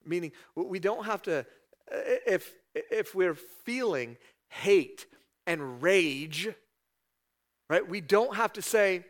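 A pastor delivers a conversational sermon, reading from scripture and giving voice to prayers and to God's answers in sudden, raised, higher-pitched bursts. His delivery is expressive and slow, with a fairly bright tone.

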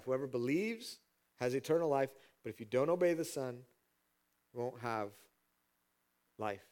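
A man preaches at a mid-range pitch, delivering a sermon with lively, animated energy. He builds his points to emphatic peaks. He acts out the scripture with voiced asides. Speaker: pastor.

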